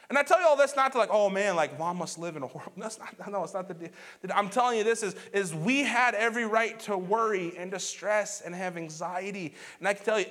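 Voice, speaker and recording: High-voiced man preaching a lively sermon. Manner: storytelling, conversational, swings between loud and hushed. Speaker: pastor.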